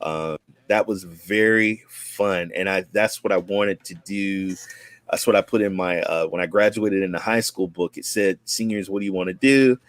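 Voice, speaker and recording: Man, forties, from Oakland, casual interview guest, rambling with restarts, low voice, dry recording. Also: fairly even intonation, a little slow, no room sound. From Oakland, California. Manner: rambling, with many restarts and acted-out quotes. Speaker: guest, content creator.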